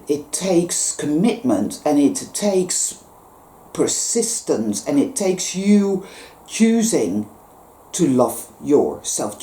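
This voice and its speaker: A woman's voice: sits low, warm tone. A woman giving an impassioned spiritual monologue. She is intense and emphatic, swears freely, and repeats her phrases for force. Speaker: spiritual vlogger. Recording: roomy echo.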